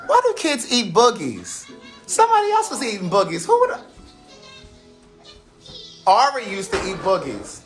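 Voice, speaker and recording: Animated chatty man in his forties. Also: high voice, unhurried, long pauses, faint music behind. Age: 40s. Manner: animated and chatty, often laughing. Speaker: live-stream host. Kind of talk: casual live-stream chat. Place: at home with family around.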